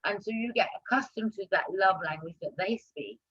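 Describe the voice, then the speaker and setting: A woman hosts a live online talk show in a relaxed, chatty way, her voice bright yet husky. She gets loud and animated whenever she stresses a point. The sound is dull and lo-fi, like live stream audio. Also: mid-range voice, normal speed. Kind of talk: casual live-stream chat.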